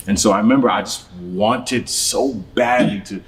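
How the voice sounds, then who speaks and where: A pastor telling his story in a casual church talk show, animated and laughing often. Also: on the low side, normal speed.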